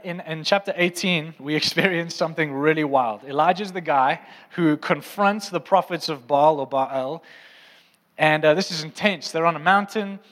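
A man's voice: on the high side, fairly bright tone. A man preaching a sermon to his congregation, fervent and playful, teasing the room now and then. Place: church auditorium. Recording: long hall reverb in a church.

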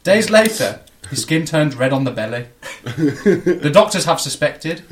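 A young man reading an article aloud haltingly in a casual podcast chat, breaking into laughter. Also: on the high side, sing-song, a little hiss or hum.

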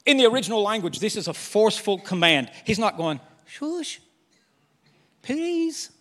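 Male pastor, high voice, lively sermon delivery, long hall reverb. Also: fast talker. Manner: animated preaching that slips into quoted voices.

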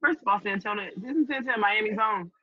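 A woman joins a casual podcast chat with loud, teasing, crude banter. Her voice is dry and close-miked, with a slightly dull, lo-fi tone. Her pitch is mid-range for a woman. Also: fast, no room sound.

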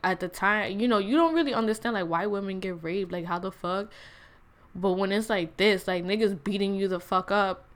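A young woman telling a personal story in a blunt, casual, slangy way, full of fillers and restarts. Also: medium pitch.

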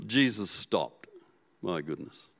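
A man preaching a sermon as pastor, telling the story with animation and swinging from loud to hushed. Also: low-pitched, animated, slow.

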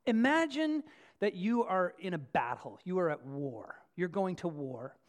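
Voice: mid-range voice, animated, measured pace. A preacher giving a conversational sermon, casual and joking, chatting with the congregation and stressing key phrases.

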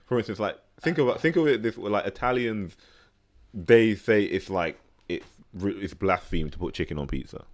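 A man's voice: lowish voice, normal speed. A young man in casual chat, arguing his point with lots of restarts. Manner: animated, argumentative, many restarts.

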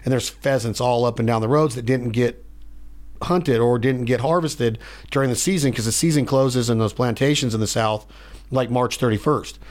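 Guy rambling away on a studio podcast, excited storyteller, middle pitch. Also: moderate pace. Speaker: podcast host. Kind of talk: casual chat.

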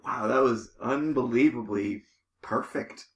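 A man's voice: mid-range voice, measured pace, echoey room. A man hosting a comedic podcast, rambling and joking with lots of restarts. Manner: rambling, jokey, restarts a lot. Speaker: podcast host.

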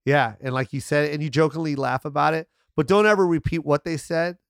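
A man telling animated, swearing stories as a guest in a casual podcast chat. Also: a little high, brisk, dry recording, studio quality. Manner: animated storyteller, swearing freely.

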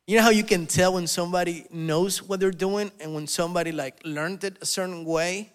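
A man preaching a sermon as pastor, animated and telling stories, often acting out the voices of people he quotes. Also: high voice, moderate pace, clean tone. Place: church hall. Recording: long reverb of a hall.

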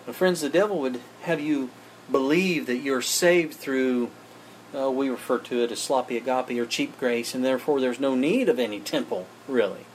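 A man's voice: medium pitch, moderate pace, slight background noise. Emphatic man preaching a sermon. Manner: emphatic, addresses listeners as friends.

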